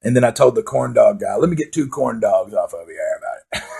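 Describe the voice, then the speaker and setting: A man's voice: mid-range voice, lively intonation, moderate pace, vocal fry, warm tone, husky. A man telling profane, rambling comic stories in a casual monologue. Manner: profane, rambling, laid-back storytelling with laughs.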